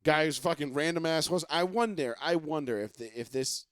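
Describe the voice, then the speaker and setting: A man's voice: on the high side, brisk, a bit bright, smooth, dry recording. A man hosting a casual sports talk podcast, ranting and swearing, mocking fans, into a close mic. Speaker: podcast host.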